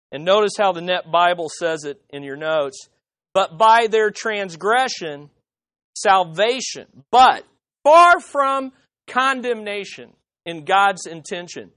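A man's voice: dry recording, clean studio sound. Man preaching an emphatic sermon. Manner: emphatic preaching, dramatic swings in pitch and loudness, rhetorical questions. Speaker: pastor. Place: church.

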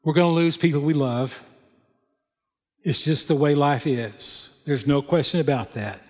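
This man's voice is fairly high-pitched and a little mellow as he preaches, reading from scripture. His unhurried, plain storytelling includes folksy comments, and the recording has long hall reverb.

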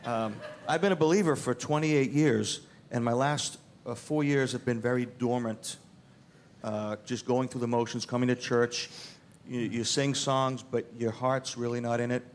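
Middle-aged dad sharing a church testimony, conversational, faint background noise. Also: male voice, medium pitch, steady tone, moderate pace. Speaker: father giving a testimony. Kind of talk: personal testimony to a church group.

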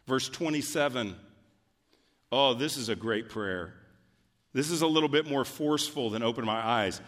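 A man preaching a sermon as a pastor, earnest and emphatic, rising in pitch when he pleads in prayer. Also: expressive, normal speed, a bit bright. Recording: long reverb of a large hall.

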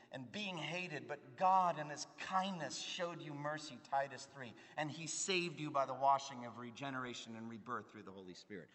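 An earnest male preacher delivering a sermon, his tone bright and forceful. He presses hard on key words, then drops to a near hush. The sound carries a long reverb from a large hall. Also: fairly high pitch. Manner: earnest, emphatic, swings between loud and hushed.

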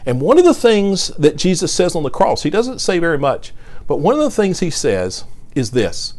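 A man's voice: high-pitched, huge pitch swings, normal speed, darkish tone. A man preaching a sermon, reading scripture with earnest emphasis and often repeating words as he speaks.

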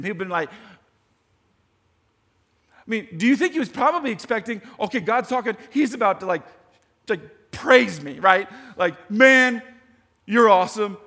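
A man preaching a sermon in a lively, conversational way, talking straight to his audience. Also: sits high, moderate pace. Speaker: pastor. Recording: long hall reverb.

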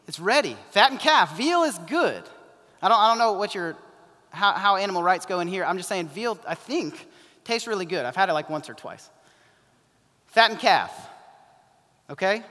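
A man's voice: a little high, fairly bright tone. Preaching man in a reverberant hall. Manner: conversational preaching, acting out voices in quoted asides. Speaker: pastor. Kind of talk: sermon.

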